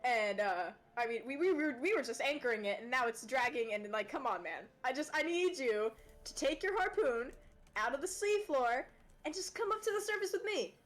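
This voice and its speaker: Nervous, rambling sea captain with a lively swing, played by a woman; tabletop game. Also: high-pitched, normal speed, faint music behind. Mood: pleading. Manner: rambling, full of fillers. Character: fearful, blustering male ship captain. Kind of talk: tabletop role-play.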